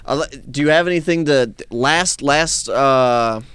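A man's voice: mid-range voice, a little slow, fairly bright tone, clean tone, no room sound. A man from Minnesota hosting a podcast in casual, self-deprecating chat. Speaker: podcast host.

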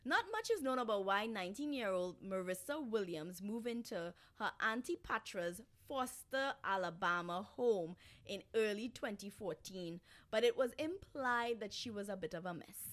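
A woman co-hosting a casual true-crime chat, animated and profane, with laughing asides. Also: mid-range voice, normal speed. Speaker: podcast co-host telling a case.

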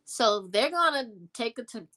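A young adult woman telling a personal story in a conversation, animated and emphatic, repeating words for effect. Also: on the high side, unhurried. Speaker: guest.

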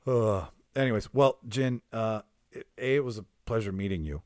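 A man's voice: on the low side, moderate pace, a little mellow, dry recording, clean studio sound. A man hosting a podcast in casual chat, rambling and laughing often, swearing now and then. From Canada. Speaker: podcast host.

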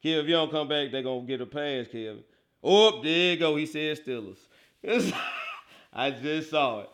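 A man hosting a casual livestream, reacting excitedly to football highlights, laughing often and talking straight to his chat. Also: normal speed. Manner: excitable, laughs often, bursts into loud outbursts, talks to chat; slangy, animated football banter. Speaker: livestream host.

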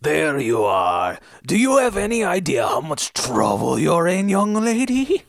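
A woman's voice: low voice, huge pitch swings, creaky, no echo, clean studio sound, exaggerated voice. A woman voicing a stern ancient male demon father, scolding in a podcast read-along. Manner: scolding, drawn-out delivery.

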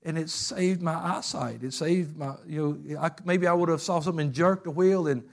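A man preaching a fervent sermon, telling stories and swinging from loud bursts to hushed passages. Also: on the high side, normal speed, gravelly.

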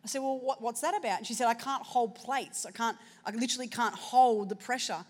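A woman preacher telling a personal story in a sermon, shifting between hushed and loud moments. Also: a little high, a little fast.

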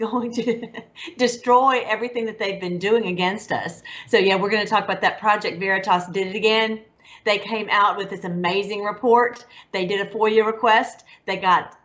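Excited woman hosting a lo-fi online show. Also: mid-range voice. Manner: excited, rambling, laughs between phrases. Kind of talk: casual religious commentary. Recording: dull lo-fi sound.

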